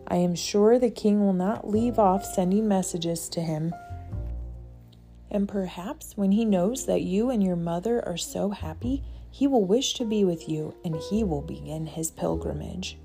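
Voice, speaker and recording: A woman reading aloud, voicing a gentle, motherly woman who cares for young pilgrims, speaking kindly and soothingly. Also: fairly low pitch, a little slow, vocal fry, faint music behind. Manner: kind, soothing.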